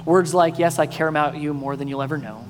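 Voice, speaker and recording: A male pastor preaching a sermon, mostly earnest and quiet, breaking now and then into loud, playful bursts. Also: on the high side, fairly even intonation, fast. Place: church sanctuary. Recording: long reverb in a hall, faint music.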